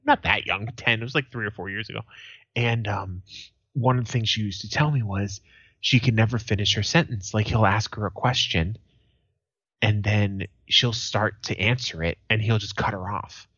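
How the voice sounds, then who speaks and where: Podcast co-host, 30s, low voice, profane storyteller, dull lo-fi mic sound. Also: male voice, normal speed, pushed and bright, breathy edge, no room sound. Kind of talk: casual chat.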